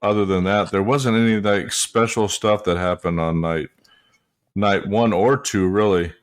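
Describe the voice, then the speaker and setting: Deep-voiced male podcast host. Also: steady tone. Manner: unhurried, hedging with ums. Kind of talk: casual chat.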